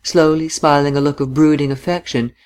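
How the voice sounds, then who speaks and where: A man's voice: on the high side, fairly even intonation, brisk, a little mellow, clean tone. Man narrating a novel. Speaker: audiobook reader.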